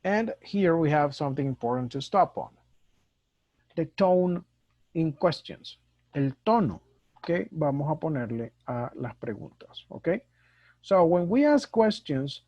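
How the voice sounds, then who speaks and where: Slow-talking male teacher. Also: a little high, animated, darkish tone, no echo. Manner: slow, mixes Spanish and English explanations. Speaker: English teacher. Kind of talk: recorded online lesson. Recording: dull dry lo-fi recording.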